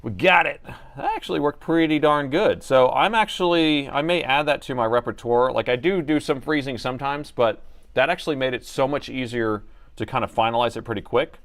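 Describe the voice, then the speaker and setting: A man's voice: medium pitch, fairly quick, fairly bright tone. A man hosting a laptop repair livestream, chatting casually to viewers and laughing often as he works. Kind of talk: casual live repair chat.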